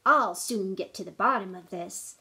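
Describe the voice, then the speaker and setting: A woman voicing a confident male vet in a picture book, speaking in a brisk, assured way. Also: medium pitch, gravelly, pushed and bright, voice pushed down.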